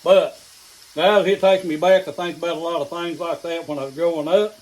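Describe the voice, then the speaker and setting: A man's voice: on the high side, fairly even intonation, brisk, a little mellow, rough recording. A middle-aged man with an East Tennessee accent, hosting a casual home cooking vlog in a folksy, down-home way, sometimes talking while he eats. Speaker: home cooking channel host. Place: home kitchen. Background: food sizzling in a skillet.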